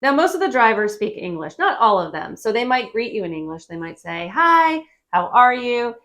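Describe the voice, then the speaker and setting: A woman giving a casual travel-phrase lesson, friendly and repeating phrases slowly for learners. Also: medium pitch, very animated, a bit bright. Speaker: Spanish teacher.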